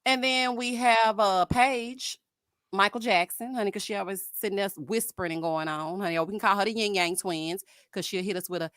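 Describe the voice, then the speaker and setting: A woman hosting a live stream, chatting about a reality show in a sassy, animated way, calling her viewers "honey" and "child.". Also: mid-range voice, a little fast, no echo, studio quality. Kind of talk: casual reality TV commentary.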